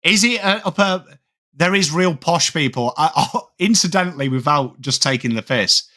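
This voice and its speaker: A man's voice: on the high side, lively intonation, normal speed, bright, forceful tone. A man in his thirties with a Yorkshire accent, hosting a live sports watchalong and chatting with viewers as he answers their comments. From England. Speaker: livestream host.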